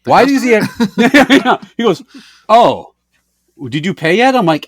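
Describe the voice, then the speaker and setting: A man co-hosting a casual podcast, telling a story with a pitch that jumps all over the place. He acts out every voice in the exchange and swears freely. His voice is slightly higher than most men's, and the sound is dry and close. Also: very animated, slow pace, dry recording. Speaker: podcast co-host. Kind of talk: casual chat.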